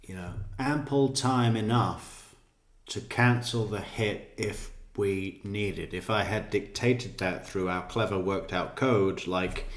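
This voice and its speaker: A man's voice: on the low side, slow pace, roomy sound. A man giving sarcastic, exasperated commentary on trial footage. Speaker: true crime commentator.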